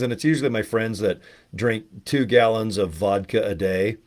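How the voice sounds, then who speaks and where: Speaking at a moderate pace, this Utah man has a lowish voice with a darkish tone. He runs a laid-back livestream vlog about network marketing from his home studio, rambling, joking, and mocking himself.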